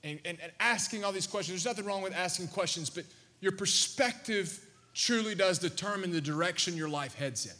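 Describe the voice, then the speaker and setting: A man in his thirties preaching a sermon, telling stories with lively restarts and repeated words. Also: high-pitched, fast, long reverb tail. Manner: animated storytelling with repeated restarts. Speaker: pastor.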